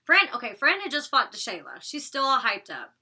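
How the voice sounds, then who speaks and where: A woman's voice: high-pitched, wildly swooping pitch, brisk, bright, forceful tone, husky. A woman giving a blunt, opinionated recap of a reality TV episode, swearing freely and talking casually. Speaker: reality TV reviewer.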